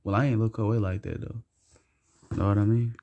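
A man's voice: on the low side, flat delivery, fairly quick, highs cut off. A young man casually telling a rambling, slangy, profane personal story for his vlog.

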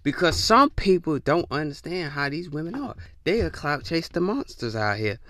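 A man on his own podcast, ranting in a casual, profane way. His voice sits high and bright, swinging wide in pitch as he jumps into mocking voices. The sound is close and dry. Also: moderate pace, no echo. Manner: animated and profane, jumping into mock voices. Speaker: podcast host. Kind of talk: casual opinion rant.

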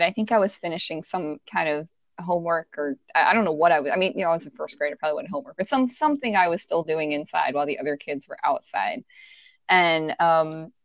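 A woman telling a childhood story in casual chat, animated, acting out the people in it with squeaky high voices and laughing at herself. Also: no echo. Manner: self-mocking, laughs while telling.

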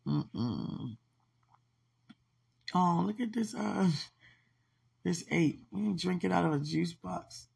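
A woman hosting a casual livestream chat, gushing with affection and laughing easily. Her voice is gravelly and husky, and she takes her time with each word. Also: on the low side, lively intonation, takes it slowly, pauses often, a little mellow. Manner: effusive and affectionate, laughing often. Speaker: podcast host.

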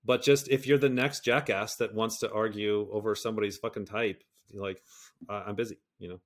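A middle-aged man talking candidly as an interview guest, swearing freely, rambling and restarting, sometimes rising into animated rants. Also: on the low side, fairly quick. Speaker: guest, personality system creator.

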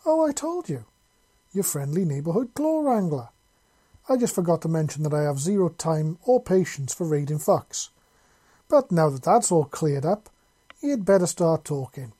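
A man voicing a menacing male wanderer who puts on an accent and talks in a slow, mock-polite drawl. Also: a little high, big pitch swings, mellow, pitched above the performer's own voice.

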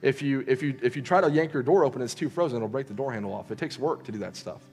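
A man's voice: medium pitch, quick pace, a little mellow. Young man preaching casually. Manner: conversational, lots of fillers and restarts, voices characters in quotes. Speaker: youth preacher. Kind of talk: casual sermon storytelling.

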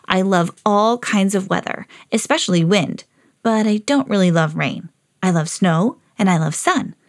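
A woman's voice: medium pitch, normal speed, lightly acted. A woman reading a children's storybook aloud as a lovable, eager female pet dog. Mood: earnest. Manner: earnest storybook reading, rising excitedly.

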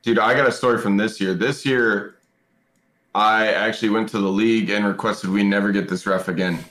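Slightly low-voiced gamer guy, rambling, profane podcast storyteller. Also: steady tone, brisk, fairly bright tone. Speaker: esports pro player guest. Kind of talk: casual podcast chat.

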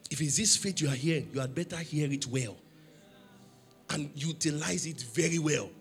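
A man's voice: on the high side, normal speed, gravelly, faint music behind. A man preaching a sermon in church, emphatic, asking the congregation questions for them to answer. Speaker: pastor.

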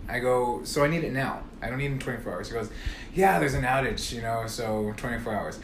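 A man's voice: medium pitch, fast, roomy sound, slight background noise. A man telling a long story in casual chat, swearing freely and acting out both sides of phone calls. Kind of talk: casual storytelling among friends.

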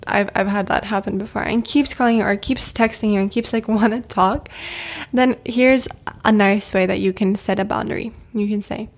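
A woman's voice: medium pitch, fairly even intonation, normal speed, creaky. A young adult woman talking casually to camera and giving advice, chatty, with frequent laughs and filler words. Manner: chatty, laughs often, many fillers and repeats.

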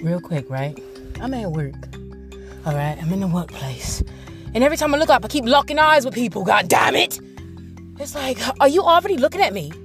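Animated, profane woman ranting. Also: a little high, a little fast, over music. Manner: profane, blunt, ranting storyteller. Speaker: podcast host. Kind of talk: casual solo podcast rant.

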